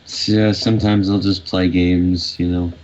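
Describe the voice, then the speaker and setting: A man playing a casual young video maker in a tabletop game, slow and hesitant with many fillers. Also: deep voice, level tone, darkish tone, muffled recording, slight background noise. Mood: easygoing.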